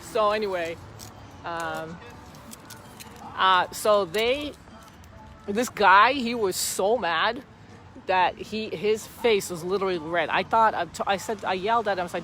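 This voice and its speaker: The low-quality recording carries a woman's fairly bright, medium-pitched voice at a measured pace with long pauses, plus soft background music. She's livestreaming casually from a street protest on a handheld phone, rambling, repetitive, and emphatic, amid traffic and wind noise.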